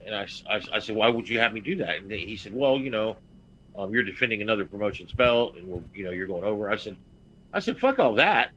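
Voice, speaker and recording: A man on a podcast telling a blunt, profane story as a veteran wrestler and getting loud and heated. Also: lowish voice, quick pace, muffled recording, a little hiss or hum. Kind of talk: casual podcast chat.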